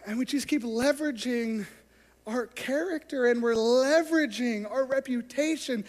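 A man's voice: very high voice, moderate pace. A man preaching a sermon as pastor, telling stories and acting out the scenes. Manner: storytelling, acts out scenes. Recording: long hall reverb.

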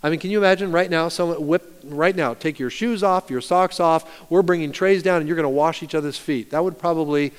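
Pastor, male, sermon delivery, smooth resonant voice, fairly high, swings loud to soft, reverberant church hall. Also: fairly quick, hardly any pauses. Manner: animated storytelling, rising loud and dropping soft. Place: church sanctuary.

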